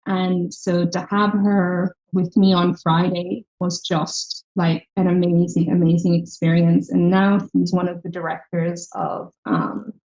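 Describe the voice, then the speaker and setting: A woman from Ireland tells her story in an animated way, slipping into the voices of the people she quotes. Her tone is mellow and warm. The recording sounds slightly dull and lo-fi. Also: on the low side, measured pace, few pauses. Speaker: startup founder and podcast guest. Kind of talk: conversational interview.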